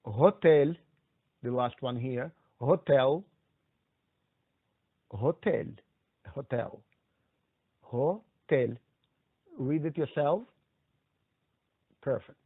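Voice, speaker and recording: A man's voice: mid-range voice, drawn-out words, long pauses, breathy edge, dry recording. A man teaching a language lesson, patiently repeating each word and prompting the listener to say it back. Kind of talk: slow, drilled pronunciation lesson. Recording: dry, phone-like thin sound.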